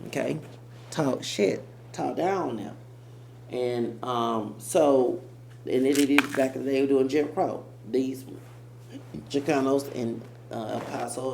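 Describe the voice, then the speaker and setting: Gravelly-voiced man ranting on camera. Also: medium pitch. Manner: rambling, emphatic. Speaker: commentator. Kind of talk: reaction commentary. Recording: echoey room with faint hum.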